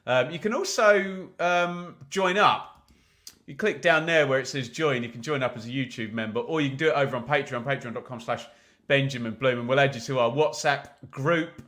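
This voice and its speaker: A man's voice: mid-range voice, moderate pace, a bit bright. A man hosting a live football watch-along, chatting casually with viewers and reading their comments, with frequent "um" fillers.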